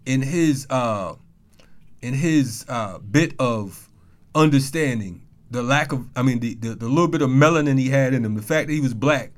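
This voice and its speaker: A man's voice: mid-range voice, moderate pace. A man hosting a casual talk show, talking loose street slang and telling a story with heat. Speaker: podcast host. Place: Atlanta.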